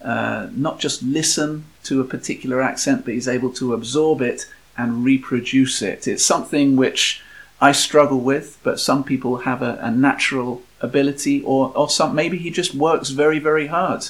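A man co-hosting a casual talk, explaining words and ideas in a measured, steady way. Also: medium pitch. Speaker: co-host. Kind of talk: casual chat.

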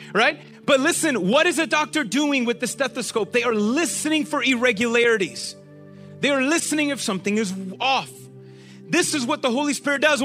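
A man preaching a sermon to a group, animated and often asking them questions. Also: very high voice.

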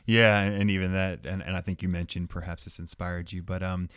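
A man's voice: low voice, flat delivery, a little fast, a bit bright, smooth. A man co-hosting a casual chat with his wife, earnest and enthusiastic, often stumbling over words. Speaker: co-host, husband.

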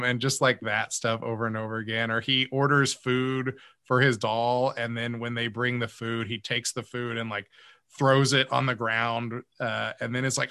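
A man's voice: medium pitch, steady tone, a little slow, sharp tone, clear, resonant tone, no echo, studio quality. A man in casual chat, rambling with many fillers and restarts as he recaps a comedy sketch. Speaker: podcast co-host.

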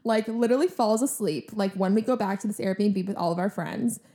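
A woman's voice: medium pitch, a little fast. A young woman co-hosting a podcast, telling a story in casual chat, full of "like" and acted-out quotes. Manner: animated, heavy use of "like", acts out quotes. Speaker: podcast co-host.

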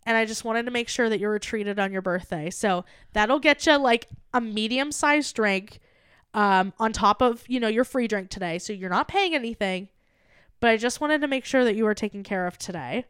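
On a comedy podcast, a young adult female co-host tells a story in relaxed conversation, voicing the quoted lines with animation and swearing freely. Her voice is on the high side and clean in tone, at normal speed, in a dry, clean studio recording.

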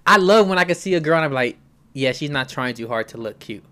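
A man's voice: fairly high pitch, animated, fast, pushed and bright. A man co-hosting a podcast in casual chat, laid-back and slangy, often laughing. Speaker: podcast co-host.

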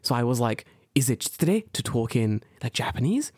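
A young man from the UK, co-hosting a casual podcast chat, telling stories in an animated, slangy way and acting out the people he quotes. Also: normal speed, slightly rough, no room sound, studio quality. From United Kingdom. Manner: animated storytelling, acts out quoted people with big pitch jumps; swears freely, slangy. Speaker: podcast co-host.

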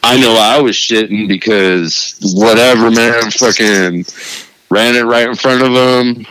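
A man's voice: mid-range voice, measured pace, fairly bright tone, clean tone, no echo, low-quality recording. A man hosting a podcast in a loose, rambling, profane way, trading stories in casual chat. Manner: laid-back, profane, rambling.

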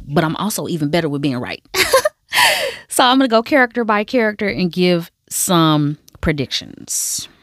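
Animated woman recapping a TV show. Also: deep voice, no room sound, clean studio sound. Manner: animated storytelling, acts out characters' lines, calls listener "baby". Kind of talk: casual show recap and commentary.

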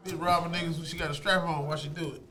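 A man co-hosting a casual podcast chat, throwing in quick jokes and laughing. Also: fairly high pitch, little pitch movement, sharp tone. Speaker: podcast co-host. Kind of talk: casual chat among friends.

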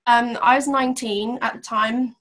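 Young woman guest on a chat podcast, a bit high-pitched, matter-of-fact. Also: steady tone, normal speed, fairly bright tone. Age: young adult. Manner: open, matter-of-fact, with fillers. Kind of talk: casual interview answers.

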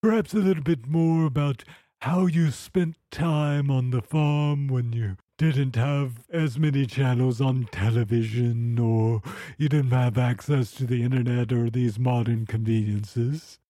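A man's voice: mid-range voice, fairly even intonation, unhurried, dark tone, dry recording, clean studio sound. A man hosting an improvised comedy podcast, with a prim, genteel interviewer tone. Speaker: host.

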